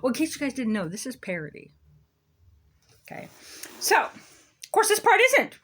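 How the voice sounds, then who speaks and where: A woman's voice: high-pitched, sing-song, moderate pace, pauses often, a bit bright. A woman delivering a sarcastic, emphatic ranting monologue as a local commentator. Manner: sarcastic, emphatic, self-mocking.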